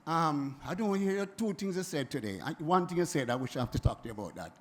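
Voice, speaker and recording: A Jamaican man in his seventies, speaking at a forum in an animated, emphatic way that keeps circling back and repeating itself. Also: on the high side, fast talker. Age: 70s. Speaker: music producer speaking at a forum. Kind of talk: impassioned spoken address.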